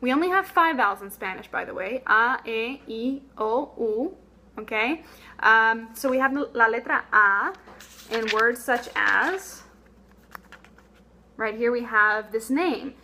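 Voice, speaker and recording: A young woman teaching a language lesson in a bright, clear, slightly high voice. She explains patiently and draws out each example word, repeating it so learners can copy it. A faint hum of room noise sits under her voice. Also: lively intonation. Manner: patient, explanatory, sounds out words slowly and repeats them. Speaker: Spanish teacher.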